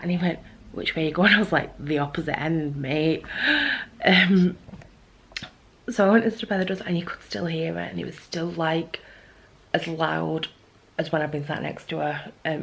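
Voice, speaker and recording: Young woman vlogging at home, husky gravelly voice, gossipy storytelling with loads of "i was like". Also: low-pitched, moderate pace, poor audio. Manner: gossipy, animated retelling with lots of "I was like". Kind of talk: casual chatty storytelling to camera.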